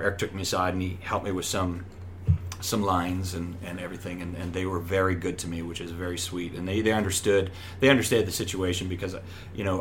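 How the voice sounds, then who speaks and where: A middle-aged man, a stage actor, chatting in an interview and acting out the voices of people in his stories. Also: slight background noise. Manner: animated storyteller who acts out voices with big pitch jumps. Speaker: Broadway actor, guest. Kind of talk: casual interview chat.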